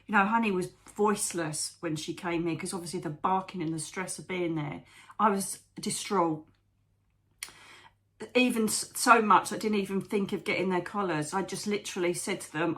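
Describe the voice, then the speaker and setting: A woman's voice: on the low side, normal speed, a bit bright. A woman telling a personal story in a candid, emotional, rambling way, as a spiritual vlogger.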